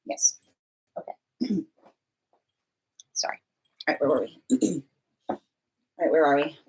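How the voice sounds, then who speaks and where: A woman's voice: low-pitched, lively intonation, slow, slight background noise. A woman hosting a live tarot stream from home, chatting loosely, reading viewer comments aloud and laughing often. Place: at home with her pet nearby.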